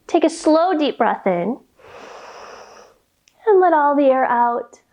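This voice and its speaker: A woman guides children through yoga poses at an unhurried pace. Her voice sits high and swoops up and down with plenty of life. She talks in a playful sing-song and makes animal sounds along the way. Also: big pitch swings, muffled recording. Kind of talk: kids' yoga and story warm-up lesson.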